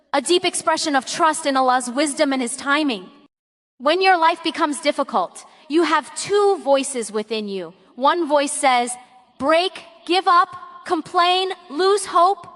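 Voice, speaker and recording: Woman, high voice, calm measured delivery, scripted spiritual narration, long reverb tail. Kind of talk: scripted religious motivational narration.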